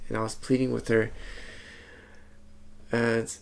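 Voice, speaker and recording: Soft-spoken man with a gravelly voice. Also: medium pitch, unhurried. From Hmong community background. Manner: soft, calm, reflective telling with many repeated words. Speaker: vlogger. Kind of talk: personal vlog talk.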